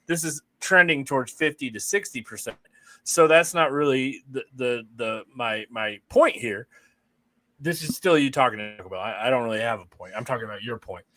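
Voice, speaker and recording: A man's voice: mid-range voice, normal speed, pushed and bright, no room sound. A man co-hosting a podcast in casual chat, teasing his co-host with lots of swearing and dry sarcasm.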